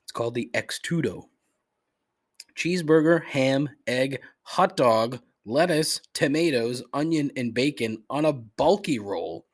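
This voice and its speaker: A man's voice: mid-range voice, expressive, measured pace. A man hosting a solo podcast, reading off a menu and ranting with plenty of swearing. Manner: profane, exasperated ranting. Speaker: podcast host. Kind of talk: solo comedic complaint podcast.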